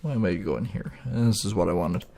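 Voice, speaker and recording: A man's voice: fairly low pitch, a little fast, vocal fry, dark tone. A man hosting a gaming video, rambling and ranting with plenty of swearing in casual gameplay commentary.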